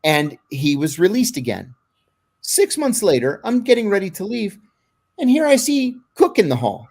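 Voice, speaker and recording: A man's voice: sits high, sing-song, moderate pace, a little mellow. A man being interviewed, telling blunt, vivid stories and acting out what people said. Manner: blunt, vivid storyteller who acts out quotes. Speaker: interview guest. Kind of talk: anecdotal storytelling in an interview.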